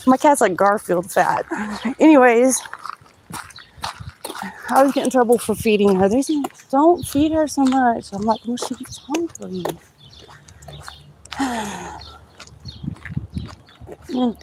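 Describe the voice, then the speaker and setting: A woman's voice: fairly high pitch, takes it slowly, pauses often, a little hiss or hum. Chatty woman doing a live tarot reading. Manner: chatty, rambling, reads the cards out loud to viewers. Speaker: tarot reader on a live stream.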